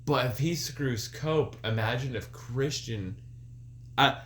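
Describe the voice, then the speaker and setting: A man's voice: mid-range voice, takes it slowly, a bit bright. A young man co-hosting a podcast in casual chat. He gives blunt, offhand opinions and swears freely. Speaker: podcast co-host.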